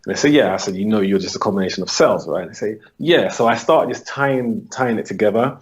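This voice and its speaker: Speaking in a lowish, slightly rough voice, a male holistic coach answers interview questions. He lays out his approach in a patient, brisk, conversational manner and acts out how his client conversations go.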